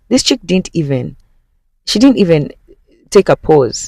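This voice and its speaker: A man hosting a movie recap, retelling the plot in a casual, animated way and speaking straight to viewers. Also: high voice, moderate pace, no echo.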